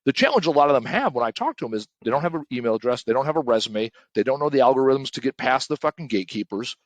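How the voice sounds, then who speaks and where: A man's voice: mid-range voice, expressive, rapid-fire, no room sound. A man talking casually as a podcast guest, blunt and emphatic, swearing and tagging lines with "right?".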